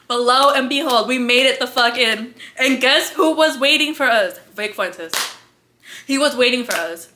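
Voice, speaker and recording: A woman's voice: fairly high pitch, moderate pace, pushed and bright, a little hiss or hum. Breathless, slangy young woman vlogger. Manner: slangy, profane, rambling with many fillers. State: out of breath and congested. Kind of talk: casual storytelling vlog.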